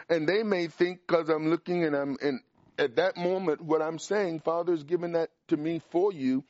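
Male preacher, emphatic, fairly high voice, lo-fi dry sound. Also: moderate pace, dry recording. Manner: emphatic, rises in pitch and volume on key points. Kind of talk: sermon with Q&A.

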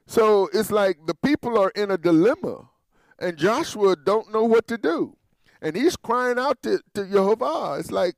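A man's voice: sits high, animated, unhurried, creaky, dry recording. A man teaching the Bible verse by verse, explaining in a conversational way and repeating his phrases.

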